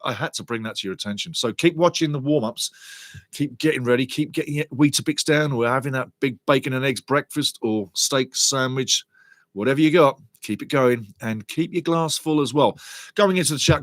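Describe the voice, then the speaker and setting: A man's voice: medium pitch, fairly bright tone, dry recording. A man hosting a live football watch-along stream, chatting casually and reading viewer comments aloud. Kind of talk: live stream chat and match talk.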